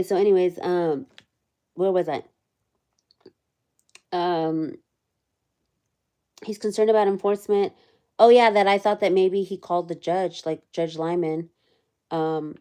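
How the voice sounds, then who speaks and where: A woman's voice: on the low side, unhurried, long pauses. A woman casually recapping a court hearing on a livestream, chatty, with many fillers, reading the chat as she goes. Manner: chatty, many fillers, reads chat aloud, quotes people in animated voices.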